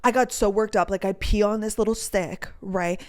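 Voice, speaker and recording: A woman's voice: mid-range voice, steady tone, moderate pace, darkish tone. A young woman, hosting a podcast and chatting casually through a rambling storytime. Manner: bubbly, chatty, rambling with lots of "like". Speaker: podcast host.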